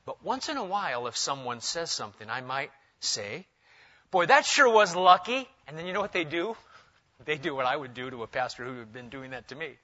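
A middle-aged male pastor preaching a sermon, animated, changing pitch and pace for emphasis. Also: a little fast. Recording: dull lo-fi sound.

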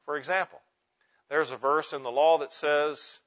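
A man preaching a teaching sermon to pastors, emphatic, slowing down and stressing single words. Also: a little high, fairly even intonation, a bit bright. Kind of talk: sermon teaching on Bible meditation. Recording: muffled lo-fi sound.

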